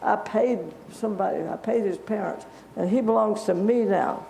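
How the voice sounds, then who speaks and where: A woman's voice: medium pitch, moderate pace, creaky, dark tone. A woman teaching a Bible story to children in a church, chatty and asking them questions. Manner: conversational, asks the children questions. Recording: echoey church room.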